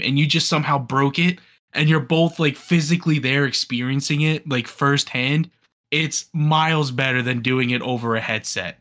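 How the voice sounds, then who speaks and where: A young man in his twenties talks casually on a podcast. His voice sits a little high for a man. He gets excited easily and fills his sentences with "like" and quick restarts. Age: 20s. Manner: enthusiastic, with many fillers and restarts. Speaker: podcast co-host. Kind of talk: casual chat.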